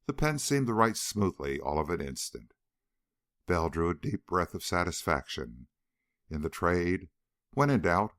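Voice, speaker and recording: Guy reading an audiobook, deep voice, lots of pitch movement, dry close sound. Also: a bit bright, no room sound. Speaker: audiobook narrator. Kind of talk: scripted narration.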